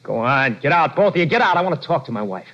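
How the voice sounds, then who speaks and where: A man playing a desperate, hot-tempered boxer in 1940s radio acting, swinging from shouting to pleading. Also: medium pitch, animated, fast talker. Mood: angry. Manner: volatile, shouting then pleading. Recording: dull lo-fi old radio recording.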